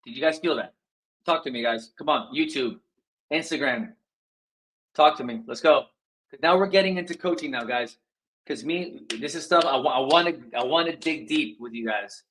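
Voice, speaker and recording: A man's voice: mid-range voice, normal speed, fairly bright tone, poor audio. A man coaching viewers live on a stream, speaking energetically, addressing them directly and acting out phone scripts to show tone of voice. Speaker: sales coach. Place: indoor livestream.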